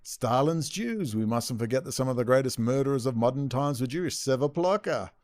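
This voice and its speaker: Male host for commentary read-alouds, sarcastic, mid-pitched, dry close sound. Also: expressive, brisk, a little mellow, no echo. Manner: sarcastic asides. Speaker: video host. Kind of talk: commentary reading texts aloud.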